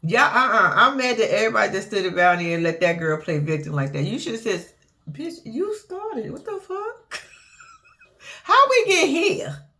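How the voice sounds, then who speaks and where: A woman's voice: medium pitch, big pitch swings, moderate pace, bright, forceful tone. A young adult woman giving a casual reality-show recap, blunt, profane and sassy, acting out what people said.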